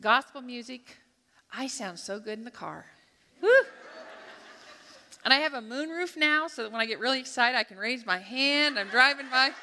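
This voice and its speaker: A woman giving a devotional talk at a church gathering, telling a lively personal story and acting out her own thoughts as she goes. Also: high voice, normal speed, long pauses. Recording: long hall reverb.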